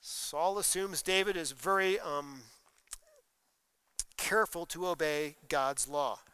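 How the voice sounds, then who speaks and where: Male pastor, sermon delivery, high bright voice, smooth and dry. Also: takes it slowly. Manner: expository preaching, reads scripture aloud with emphasis.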